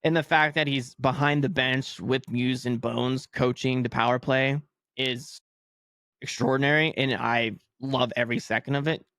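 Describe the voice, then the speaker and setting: A young man hosting a casual solo sports podcast, rambling and excitable, laughing often and a bit sleepy. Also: medium pitch, normal speed, no room sound. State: yawning, sleepy. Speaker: podcast host.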